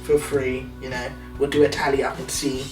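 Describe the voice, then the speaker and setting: A man co-hosting a vlog in casual chat, relaxed and jokey, chiming in alongside the storyteller. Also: mid-range voice, moderate pace. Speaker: vlog co-host. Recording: roomy, distant mic, music behind.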